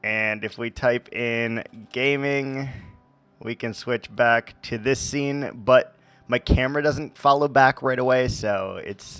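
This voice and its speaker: A male streamer chatting over his gameplay in a loose, joking, meandering way. He speaks at an unhurried, drawn-out pace with an average-pitched voice. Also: clean tone, dry recording. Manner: playful, rambling, jokey. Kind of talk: live game stream commentary.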